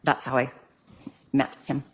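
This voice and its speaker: A woman's voice: extremely low pitch, monotone, a little slow, breathy edge. An older woman giving court testimony, answering hesitantly with many ums. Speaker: witness in court.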